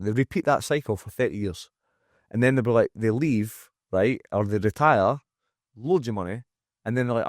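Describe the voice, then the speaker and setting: A man's voice: medium pitch, normal speed, dry recording. Frank Scottish man, swearing freely. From Scotland. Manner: frank and emphatic, swears freely, acts out quotes. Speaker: guest, fitness coach and gym owner. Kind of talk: candid podcast conversation. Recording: dry close-miked studio sound.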